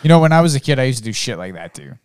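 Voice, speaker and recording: A man's voice: medium pitch, very animated, smooth, no echo, clean studio sound. Laid-back male podcast host. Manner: laid-back, profane, quick to agree. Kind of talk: casual chat.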